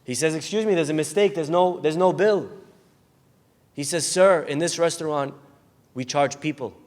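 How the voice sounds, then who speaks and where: Animated rabbi preaching in a reverberant hall. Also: male voice, on the high side, normal speed. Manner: animated storyteller acting out characters, shouting in bursts. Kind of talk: sermon with storytelling.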